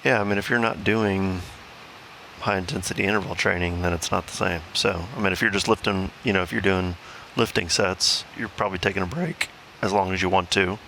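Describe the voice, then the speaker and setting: A man's voice: low-pitched, steady tone, brisk, vocal fry, bright, forceful tone, slight background noise, low-quality recording. A man co-hosting a podcast in casual chat, making dry teasing remarks and explaining training points. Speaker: podcast co-host.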